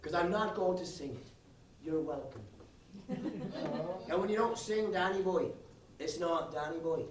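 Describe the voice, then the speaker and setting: A man doing loud stand-up comedy, bantering brashly with a live audience. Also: sits high, unhurried. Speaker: stage comedian. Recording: echoey live venue, distant mic, crowd noise.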